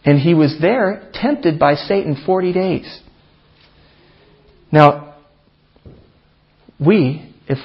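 A man preaching in a church, his voice husky and pitched a little high. He reads scripture with emphatic lifts and leans into key phrases. The archived recording sounds dull and muffled. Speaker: pastor. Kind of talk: sermon.

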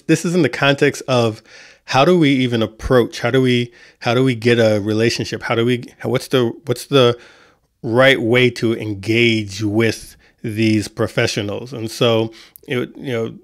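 A man's voice: mid-range voice, dry recording, studio quality. A man hosting an online music panel, talking casually with many restarts. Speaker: community host.

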